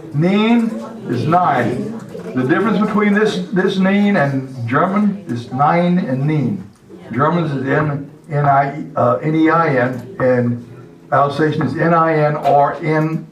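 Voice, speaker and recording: An older man teaching a language class, speaking slowly and patiently and spelling words out letter by letter. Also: a little high. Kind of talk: classroom lesson. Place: classroom or meeting hall. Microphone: far camera. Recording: echoey hall from far off with murmuring class.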